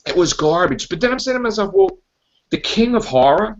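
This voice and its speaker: High, animated man ranting. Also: a little fast. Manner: animated, exasperated ranting with acted-out quotes. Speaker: podcast host. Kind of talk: casual movie review chat. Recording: dull lo-fi podcast audio.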